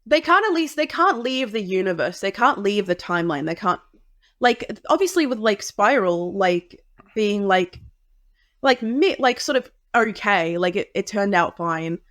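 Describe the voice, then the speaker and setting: A woman's voice: mid-range voice, animated, unhurried, fairly bright tone, dry recording, clean studio sound. A woman chatting animatedly as a podcast guest, with frequent fillers. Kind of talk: casual chat.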